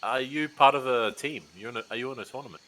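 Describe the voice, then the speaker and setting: A man's voice: quick pace, a little hiss or hum. A man voicing his character in a tabletop game, stammering and playful. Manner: stammering, playful, jumps into high excited pitch. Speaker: player.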